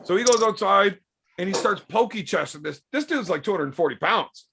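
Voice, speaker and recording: Gravelly man telling stories. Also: high-pitched, a little fast, slight background noise. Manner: animated, acts out quoted voices. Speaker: podcast storyteller. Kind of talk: casual profane storytelling.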